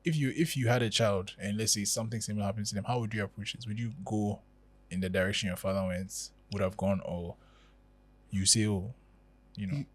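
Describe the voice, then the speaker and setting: A man co-hosting a podcast, asking questions in a relaxed, joking way. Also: lowish voice, a little fast. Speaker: podcast co-host. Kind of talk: casual podcast chat.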